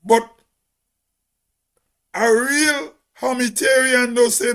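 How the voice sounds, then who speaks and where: A Grenadian man with a very high voice holds forth in a casual monologue. He talks slowly and emphatically, repeating key words to drive each point home. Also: steady tone, a bit bright. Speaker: host.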